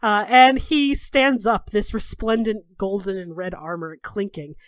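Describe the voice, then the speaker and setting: A woman running a tabletop game as game master, narrating in a casual, relaxed way. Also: mid-range voice, unhurried, dry recording, clean studio sound.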